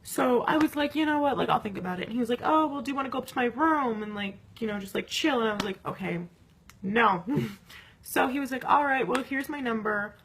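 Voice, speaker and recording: A woman's voice: fairly high pitch, a little fast, fairly bright tone, a little hiss or hum. A young woman telling a story to the camera in a casual, rambling way, swearing a lot and filling her talk with "like". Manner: rambling, profane, full of "like" fillers. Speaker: vlogger.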